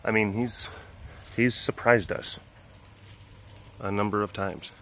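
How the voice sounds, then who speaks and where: A man keeping big cats, narrating a casual vlog outdoors and cooing softly at the animals in baby talk. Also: fairly low pitch, steady tone, slow, slight background noise. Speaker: big cat keeper.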